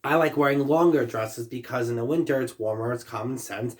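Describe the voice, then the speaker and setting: A man chats to his camera in a loose, rambling vlog. He drifts between thoughts and leans on fillers and asides as he goes. His voice sits at an ordinary middle pitch. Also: fairly quick. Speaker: vlogger. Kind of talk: casual talk to camera.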